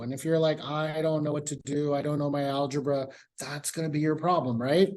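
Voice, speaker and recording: A man's voice: fairly high pitch, a little mellow. A man teaching a calculus class in a casual, conversational way, repeating his key points. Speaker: math professor. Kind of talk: classroom lecture.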